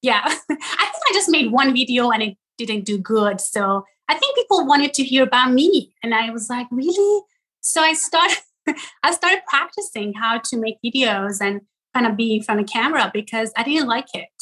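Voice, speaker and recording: A woman in her forties from Iran, talking as an interview guest in a bright, forceful voice that sits a little high. She tells her stories with animation, laughing often and leaning on fillers. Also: expressive, moderate pace, poor audio. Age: 40s. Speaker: guest, content creator. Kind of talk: casual interview chat.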